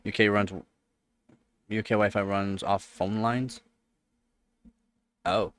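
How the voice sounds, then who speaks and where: A man's voice: on the low side, fairly even intonation, slow, a bit bright, a little hiss or hum. A man with a Canadian accent, hosting a live stream and chatting casually, rambling and repeating points for emphasis. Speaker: livestream host.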